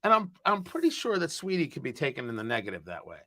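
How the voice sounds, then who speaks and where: Man, show host, lively swooping delivery, bright edgy voice, emphatic, restarts words. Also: mid-range voice, quick pace. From US East Coast. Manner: animated, emphatic, repeats words. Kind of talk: casual live-stream chat.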